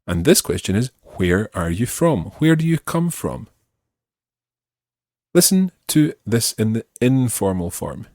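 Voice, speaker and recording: Man teaching slowly. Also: lowish voice, sing-song, darkish tone, dry recording, clean studio sound. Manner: slow, deliberate, repeats phrases for learners. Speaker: language teacher. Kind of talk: scripted audio lesson.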